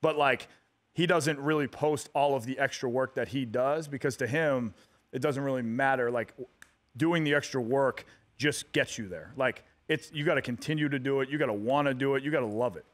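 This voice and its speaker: A man in his thirties, a guest on a radio talk show, telling stories in a relaxed way with many fillers and restarts. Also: mid-range voice, moderate pace. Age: 30s. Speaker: guest athlete. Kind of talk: casual radio interview.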